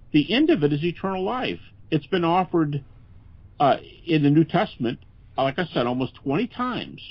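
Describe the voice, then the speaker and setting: A man's voice: medium pitch, no room sound. Earnest older man on a dull line. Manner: earnest, conversational, lively with many restarts. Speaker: guest scholar. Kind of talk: podcast interview. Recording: dull, lo-fi podcast audio.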